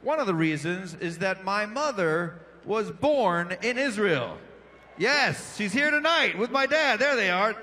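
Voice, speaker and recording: A man doing stand-up on an arena stage, his voice pitched high and bright with a sharp edge. He lands jokes with a punchy rhythm and works the crowd between bits, speaking into a handheld mic. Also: lively intonation, unhurried, slight background noise. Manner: punchy, playful, riffs with the crowd. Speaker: comedian and emcee. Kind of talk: stand-up comedy set. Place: large indoor arena stage.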